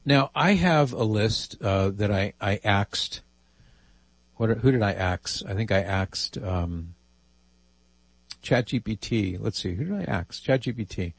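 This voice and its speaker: A man hosts a call-in radio show, reading listener emails aloud and dropping amused asides. His voice sits low with a husky edge. The studio sound is dry and close. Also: expressive, a little slow, dry recording. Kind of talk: casual call-in radio talk.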